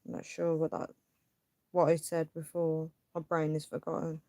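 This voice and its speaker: A deep, mellow female voice with a completely flat delivery, speaking at normal speed, recorded at studio quality with no room sound. The young woman hosts a casual livestream, reading viewers' comments aloud and venting her frustration in a rambling way with plenty of fillers.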